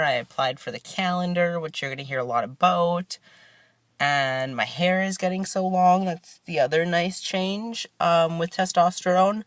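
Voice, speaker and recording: A young man sits in his parked car talking straight to the camera, relaxed and rambling, his thoughts full of fillers and restarts. His voice sits a little high for a man. The sound is dry and close, with no room echo. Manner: rambling, laid-back, many fillers and restarts. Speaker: vlogger. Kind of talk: casual vlog chat.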